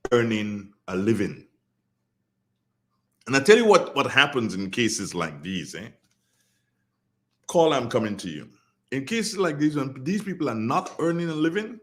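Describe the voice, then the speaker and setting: A man's voice: mid-range voice, big pitch swings, moderate pace, long pauses. A man with a Grenadian accent hosting a radio talk show, commenting earnestly and repeating phrases for emphasis. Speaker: radio host.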